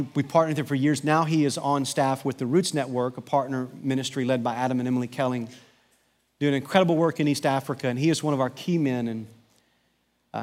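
A middle-aged American man, a pastor, delivering a sermon as an animated storyteller who builds to emphatic preaching. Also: medium pitch, long reverb tail. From United States.

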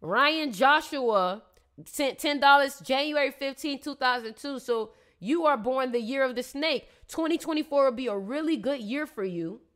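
A woman's voice: high voice, normal speed, fairly bright tone. A woman on a casual live stream, reading viewers' astrology in a chatty, playful, slangy way and teasing her audience.

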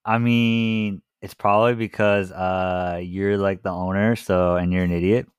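A man's voice: low-pitched, flat delivery, unhurried, clear, resonant tone. A man in his twenties co-hosting a casual podcast, firing off dry, mocking comebacks. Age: 20s. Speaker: podcast co-host. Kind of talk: casual live-stream banter.

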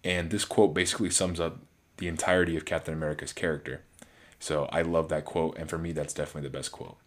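Male film reviewer, very low voice, casual and rambling. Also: fairly even intonation, fast. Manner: rambling, frequent restarts and fillers. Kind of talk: casual solo movie review.

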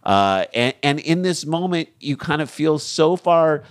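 A man's voice: fairly high pitch, expressive, measured pace, no echo, clean studio sound. A man co-hosting a comedy podcast, riffing casually and reading news items aloud with jokes.

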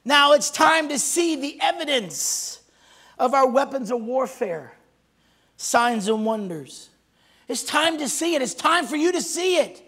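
A man's voice: very high-pitched, expressive, measured pace, fairly bright tone. A man preaching a sermon as pastor, emphatic and calling for responses from the congregation.

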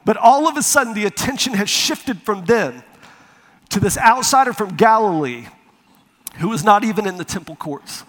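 A man preaching a sermon, telling a personal story with lively acted-out quotes before turning to scripture. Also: high voice, moderate pace. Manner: animated storyteller, acts out quotes. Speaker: pastor. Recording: reverberant hall.

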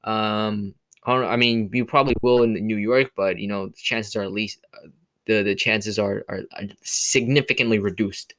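A man's voice: lowish voice, steady tone, moderate pace, a bit bright. A man hosting a casual solo movie review podcast, rambling with many fillers and restarts, from California. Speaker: podcast host.

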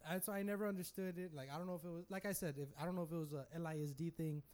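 High-voiced young man telling stories. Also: very fast. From West Texas. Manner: animated storyteller, mimics voices. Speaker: podcast co-host. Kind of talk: casual chat.

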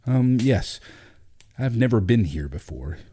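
A man's voice: on the low side, sing-song, a little slow, warm tone, slightly rough, heavily acted. A man voicing a nervous, sheepish father who stammers and hesitates.

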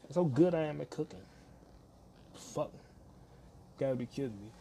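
A man's voice: on the high side, animated, moderate pace, gravelly, mellow. Guy ranting and cussing on his podcast from his kitchen, laughs at his own jokes, noisy recording. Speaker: podcast host. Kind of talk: crude solo podcast rant. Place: home kitchen.

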